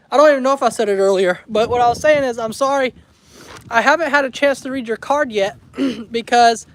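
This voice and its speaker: A man, chatting casually on a livestream from his homestead and coaxing his animals with soft, emotional talk. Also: extremely high pitch, a little hiss or hum, rough recording. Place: outdoors on a rural homestead.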